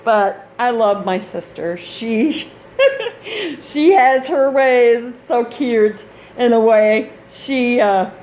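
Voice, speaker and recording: A woman's voice: on the high side, animated, extremely slow, a little mellow, a little hiss or hum. Chatty rambling woman gaming vlogger. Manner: chatty, meandering, laughs often. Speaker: gaming channel host. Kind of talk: casual rambling vlog chat.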